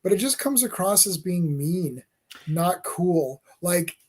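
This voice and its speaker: Male co-host, casual, rambling, restarts a lot, voice on the high side. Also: animated, darkish tone, husky. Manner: rambling, halting, repeats words. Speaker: podcast co-host. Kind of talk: casual chat reviewing wrestling.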